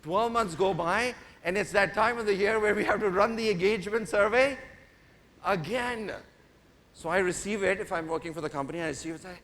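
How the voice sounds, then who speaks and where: A keynote speaker in a large conference hall talks fairly quickly in a high, somewhat bright voice. He playfully ribs and directs the audience through the stage mic. Reverb from the hall and faint background noise are audible.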